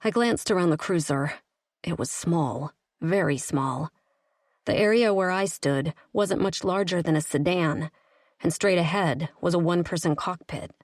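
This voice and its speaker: A woman narrates a first-person romance audiobook in a steady, even read. Her voice sits on the low side. The close studio recording is dry, with no room sound. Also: measured pace, no room sound.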